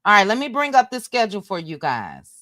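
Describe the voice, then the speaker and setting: A woman hosting a livestream, chatting casually with her viewers and reading things out loud as she goes. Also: medium pitch, sing-song, fairly quick, no echo, studio quality. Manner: chatty, reads out loud while talking to viewers. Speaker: livestream host.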